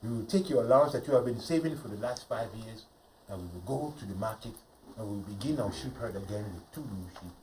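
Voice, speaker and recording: A stern shepherd father lecturing his son in a low, measured voice, as a male storyteller puts him on. The speaker stands back from the mic, with faint room ambience behind him. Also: expressive, darkish tone, recorded from a distance, slight background noise, close to an everyday voice, poor audio.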